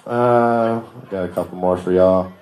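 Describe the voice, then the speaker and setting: A man's voice: deep voice, steady tone, measured pace, a little mellow, slight background noise. A young man from Milwaukee performing a stand-up set, loose and slangy, laughing at his own jokes. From Milwaukee, Wisconsin. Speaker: stand-up comedian. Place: bar comedy stage. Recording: echoey bar room.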